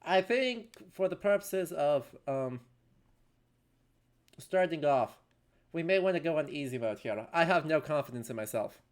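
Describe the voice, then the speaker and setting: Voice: medium pitch, lively intonation, measured pace. Chatty game streamer. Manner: chatty, rambling, self-deprecating. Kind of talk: casual game stream commentary.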